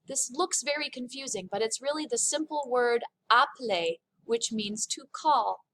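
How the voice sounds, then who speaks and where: A woman teaching a French lesson, addressing the class and slowing down to savor French words. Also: a little high, a bit bright, slight background noise. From lived in France.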